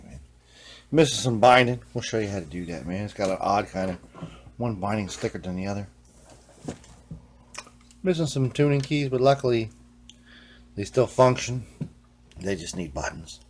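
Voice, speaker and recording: A man hosting a casual workshop vlog in a laid-back, rambling voice. He tacks "man" onto nearly every sentence and sometimes sinks into quiet muttered whispers. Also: fairly low pitch, lively intonation, moderate pace, pauses often, slightly rough. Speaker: vlog host, guitar repairer.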